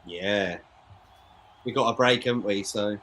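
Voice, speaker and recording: Co-hosting a football watchalong, a man talks in casual, opinionated live match chat and calls his co-host "mate." His voice is on the low side, a little slow, and fairly bright in tone.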